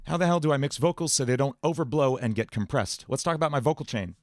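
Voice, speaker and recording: A man hosting a livestream Q&A about singing and voice, explaining in a relaxed way with many fillers. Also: medium pitch, fast, no echo, clean studio sound. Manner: relaxed explaining, many fillers, breaks into sung and put-on voice demos. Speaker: music producer and livestream host.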